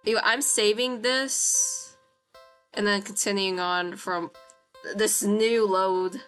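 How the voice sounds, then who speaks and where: A woman's voice: medium pitch, steady tone, slow, fairly bright tone, soft background music. A woman streamer reading a visual novel aloud while playing, reacting with gasps and apologies between lines.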